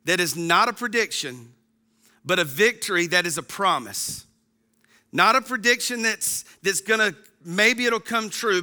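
A man's voice: high-pitched, sharp tone. A man in his thirties giving a casual, folksy sermon as a pastor to an online congregation, chatty with frequent ums.

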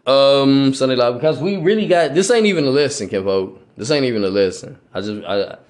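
Slightly fast and a little mellow, this mid-range male voice is expressive and recorded in an echoey room. He preaches informally on a podcast using slangy street speech, often asking "right?" and stumbling through passages he reads aloud.

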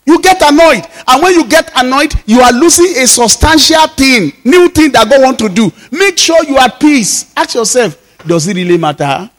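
A man's voice: very high voice, animated, normal speed, few pauses. A male pastor, preaching a sermon emphatically, repeating phrases and acting out little dialogues.

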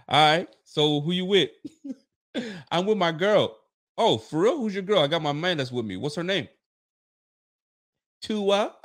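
Animated joking man with a lively voice. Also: fairly high pitch. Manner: joking, laughing, slangy and animated; talks to a live chat and audience. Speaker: podcast host. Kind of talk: casual sports chat.

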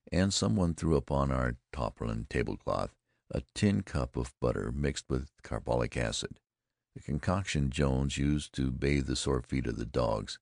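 Reading a first-person story, this male audiobook narrator has an extremely deep, gravelly, darkish voice and a slow, deliberate delivery. He's miked up close, so the sound is dry and intimate with no echo.

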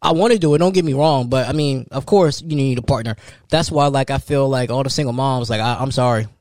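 A man, hosting a solo podcast and telling an animated story. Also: brisk, no room sound, studio quality. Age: 30s. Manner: animated storytelling, jumps high for quoted voices. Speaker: podcast host.

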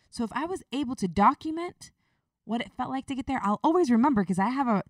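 A woman's voice: mid-range voice, no echo, studio quality, far from the mic. A woman hosting her podcast, talking earnestly and confidingly in a personal, motivational monologue. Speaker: podcast host.

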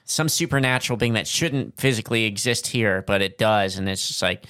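A man's voice: fairly low pitch, a little fast, few pauses, fairly bright tone, clean tone. A man co-hosting a casual podcast, easygoing and often trailing off while he searches for words. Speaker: podcast co-host.

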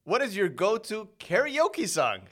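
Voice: mid-range voice, big pitch swings, measured pace, a bit bright. A co-host asking podcast questions, giving brief, laid-back replies. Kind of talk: casual podcast Q&A chat.

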